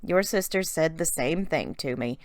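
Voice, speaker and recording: A woman reading the lines of a stern, formal old male professor in her own measured voice. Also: deep voice, lively intonation, dry recording.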